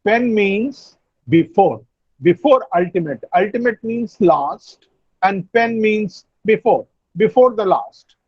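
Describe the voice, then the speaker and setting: Man, online lecture, high voice, muffled dry call audio. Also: animated, husky, dry recording. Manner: slow, explanatory, repeats and spells out words. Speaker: university lecturer. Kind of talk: online class lecture on word stress. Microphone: video call.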